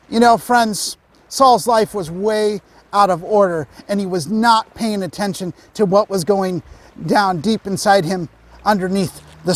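A man preaching a sermon as pastor, reading Bible verses and explaining them with emphatic pauses. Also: very high voice, dry recording.

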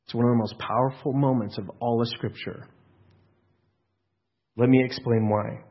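Earnest preaching man, husky voice. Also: mid-range voice, steady tone, moderate pace, dull audio. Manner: earnest, emphatic with frequent restarts and rhetorical questions. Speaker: pastor. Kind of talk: sermon.

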